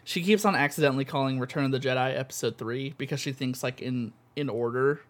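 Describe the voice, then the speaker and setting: A man co-hosting a podcast, talking in an excitable, gushing way full of fillers. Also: medium pitch, fast talker. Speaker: podcast co-host. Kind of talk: casual chat.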